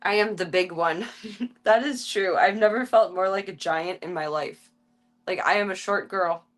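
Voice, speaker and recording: A woman streaming casually, chatting to viewers and cooing baby talk to tiny animals in a soft, playful way. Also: medium pitch, a little slow. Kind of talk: casual live-stream chat.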